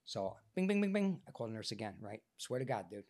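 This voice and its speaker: A man, an actor guest on a podcast, telling a story in a profane, animated way, his voice changed by illness. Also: lowish voice, fast talker, gravelly, husky. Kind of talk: casual podcast interview storytelling.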